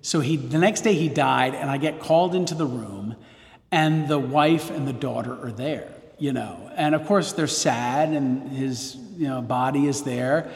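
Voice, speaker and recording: A man's voice: medium pitch, unhurried, creaky. A Catholic priest, a man, telling a story casually, rambling with frequent restarts and self-corrections. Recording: roomy hall reverb.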